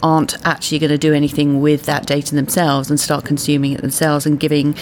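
Deep-voiced woman, fast talker. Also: completely flat delivery, darkish tone, slight background noise. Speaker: panel guest. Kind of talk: casual panel discussion.

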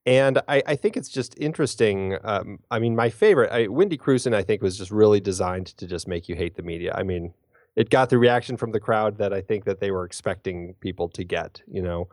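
A man with a lowish voice chats about a film, hesitating often and restarting his sentences. His voice is recorded close and dry, with no room sound. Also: a little fast, a little mellow, no echo. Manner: hesitant, many fillers and restarts. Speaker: podcast co-host. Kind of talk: casual film discussion.

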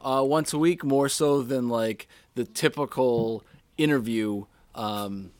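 A man's voice: medium pitch, slow, darkish tone, no echo. A man hosting a podcast, chatting casually and teasing his guest. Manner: playful, teasing interjections. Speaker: podcast host. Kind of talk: casual chat.

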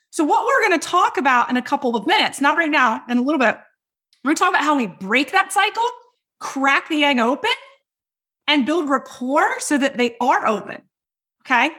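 A woman with a high voice teaches in a loud, hyped-up way. She is emphatic and keeps checking in with her listeners as she coaches them. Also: expressive, normal speed. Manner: talks straight to listeners with frequent checks like "right?" and "okay?". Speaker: business coach and podcast host. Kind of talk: energetic teaching talk.

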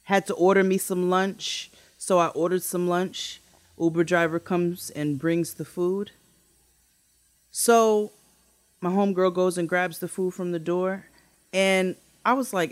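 A woman co-hosting a podcast who tells a story in a casual, animated way, swearing freely and acting out quotes in a much higher voice. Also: unhurried, no echo. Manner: animated, swearing, acts out quotes with big pitch jumps. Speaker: podcast co-host.

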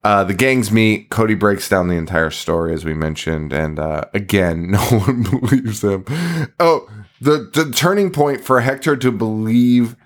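A man's voice: lowish voice, a little slow. A man co-hosting a podcast, recapping a film's plot in casual chat, laughing and swearing gleefully. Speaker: podcast co-host. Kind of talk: casual movie-review chat, retelling plot.

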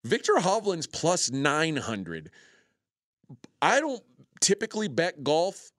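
A man's voice: on the high side, huge pitch swings, slow, no room sound, studio quality. A man co-hosting a sports betting show, running through scores and odds in casual chat with frequent filler words.

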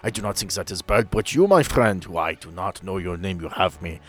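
A man's voice: sits low, animated, a little fast, fairly bright tone. A man voicing an older, thin male doctor with a German accent, courtly and curious, who often ends remarks with a questioning "yes?". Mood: genial.

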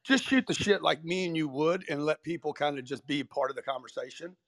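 A brash man chats bluntly and loosely, swearing freely as he talks. His voice sits slightly high, and the sound is close and dry with no room around it. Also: fast talker, fairly bright tone, no room sound. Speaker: guest. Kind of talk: casual chat in an online audio room. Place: online audio room.

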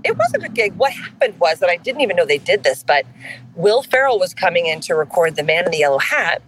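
A woman voice actor chatting in an interview, animated and self-deprecating, laughing often as she tells stories. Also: lowish voice, quick pace, slight background noise, poor audio. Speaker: voice actor guest. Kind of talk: casual interview chat.

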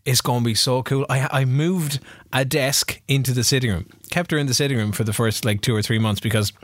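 A young man co-hosting a podcast, rambling through an anecdote in an easy, chatty way. His voice sits at a medium pitch. The sound is dry and close. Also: steady tone, brisk, no echo. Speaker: podcast co-host. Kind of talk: casual chat.

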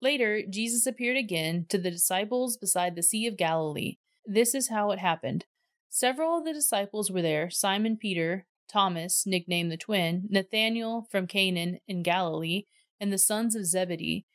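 A woman's voice: medium pitch, moderate pace, no echo, clean studio sound. Woman reading scripture aloud. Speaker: scripture reader.

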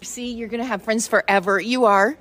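Female field interviewer, fairly high voice, encouraging. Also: fairly even intonation, brisk, a bit bright. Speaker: interviewer on location. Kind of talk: friendly interview questions.

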